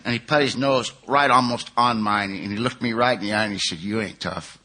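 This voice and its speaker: A man's voice: mid-range voice, a little fast, pushed and bright. A man from California speaking at a recovery conference, telling his own story in a conversational way and acting out what others said. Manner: storytelling, conversational, acts out quotes. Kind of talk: recovery meeting talk. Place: conference hall.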